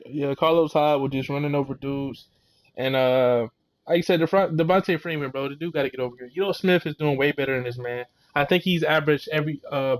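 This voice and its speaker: Heated young man ranting about football. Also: a little high. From Florida. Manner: heated, exasperated ranting with slang and mock quotes. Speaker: sports vlogger. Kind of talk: ranting sports recap.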